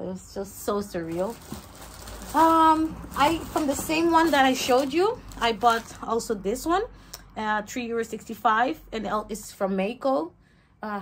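A young woman in a relaxed home haul vlog, talking in a chatty way with lots of "um" and "like" and dropping into Spanish now and then. She's expecting a baby, and her voice sits at an average pitch with a faint hiss in the background. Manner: chatty, code-switches into Spanish, hesitant fillers. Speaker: vlogger.

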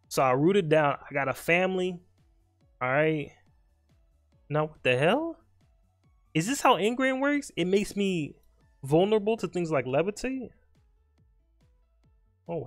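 A man's voice: on the high side, gravelly. A young man casually commenting on his own live game, joking and talking to his opponent. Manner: joking, talks to the opponent, quick mutters. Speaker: streamer.

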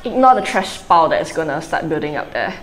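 A woman's voice: deep voice, very animated, fast, a little hiss or hum. A young woman from Malaysia, chatting casually in a beauty vlog, rambling with lots of fillers. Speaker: beauty vlogger. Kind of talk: casual chat.

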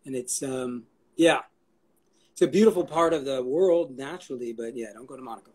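A man's voice: medium pitch, brisk, a little mellow, slightly rough. A man chatting as an interview guest, rambling, swearing casually and cracking jokes. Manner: rambling, profane and jokey.

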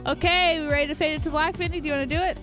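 Uma mulher coapresentadora numa conversa descontraída e brincalhona antes de uma transmissão. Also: female voice, sits high, steady tone, rapid-fire, over music. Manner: playful, jokey, giggly. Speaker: co-host. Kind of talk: casual pre-show chat.

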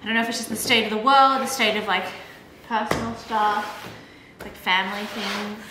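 A woman illustrator talking casually to camera in her home studio, sleepy and low on energy, rambling with lots of fillers. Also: fairly even intonation, moderate pace, roomy sound, background noise. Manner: chatty, rambling with many fillers. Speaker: illustrator and vlog host. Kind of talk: casual vlog talk to camera.

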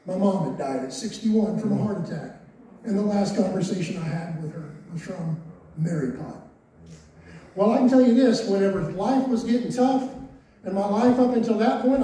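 A man in his forties gives his personal testimony to a congregation, candid and wry with self-mocking asides. His high, warm voice comes from off-mic, with roomy echo and faint hiss.

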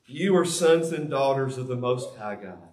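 A man's voice: medium pitch, animated, moderate pace, darkish tone. Earnest man preaching in an echoey church. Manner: confessional, earnest, with emphatic repetition. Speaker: pastor. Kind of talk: sermon. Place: church sanctuary.

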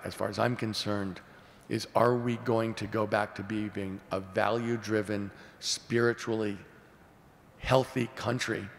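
Man in his 60s, low gravelly voice, earnest answers at a forum, echoey hall. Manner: earnest, measured, repeats key phrases. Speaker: presidential candidate. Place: large hall at a public forum. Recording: echoey hall, faint rumble.

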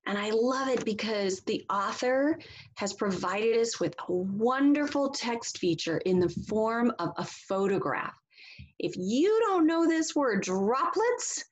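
A woman teacher giving a children's read-aloud lesson, reading slowly and expressively for young listeners to echo back. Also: on the high side, muffled recording. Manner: slow, expressive echo reading with exaggerated rises.

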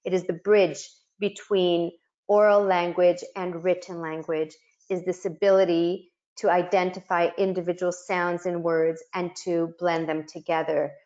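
A woman's voice: lowish voice, little pitch movement, measured pace, a little mellow, muffled recording. A middle-aged woman giving an instructional webinar, explaining and sounding out speech sounds for educators. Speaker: webinar facilitator.

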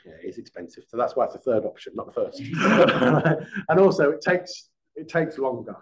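A former police detective giving a conversational masterclass to a live audience, often quizzing them with questions. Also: male voice, medium pitch, very animated, normal speed. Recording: dull lo-fi sound.

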